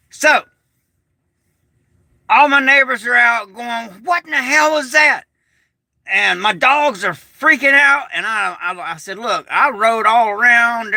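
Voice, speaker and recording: A man telling a rambling, excitable story on a casual livestream, swearing and restarting often. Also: very high voice, gravelly, no room sound. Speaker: prepper vlogger. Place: small shed turned bunker.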